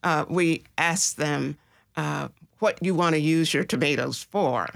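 A woman guest explaining gardening in a radio studio interview, speaking slowly and haltingly with many filler pauses. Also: sits low, vocal fry, no room sound.

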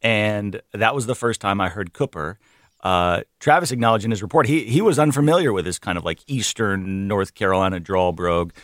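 Low-voiced male radio host, dry studio sound. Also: a little fast, dry recording. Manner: relaxed, conversational, many "uh" fillers. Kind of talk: hosting a radio news roundup.

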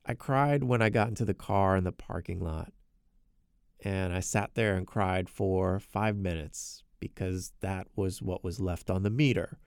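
A man's voice: deep voice, creaky, a little mellow, clear, resonant tone, no echo, studio quality. A man narrating a personal story in an earnest way, often repeating words as he talks. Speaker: podcast narrator.

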